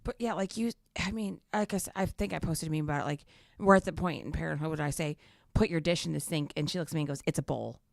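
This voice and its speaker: A woman's voice: sits low, quick pace, creaky. A middle-aged woman co-hosting a casual chat show, swearing freely and laughing through blunt stories about her kids. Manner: blunt, profane, laughing storyteller. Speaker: podcast co-host.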